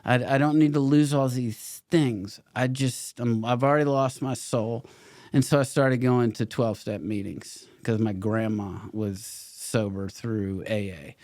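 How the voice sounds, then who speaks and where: A man's voice: medium pitch, fairly even intonation, measured pace, a little mellow, no echo, studio quality. A middle-aged man, a podcast guest and actor, telling his story candidly, swearing freely and laughing between stories.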